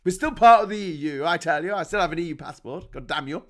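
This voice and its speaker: A man's voice: a little high, lively intonation, fast talker, a bit bright. A man putting on a stubborn, indignant EU-loyalist guy in a mocking bluster.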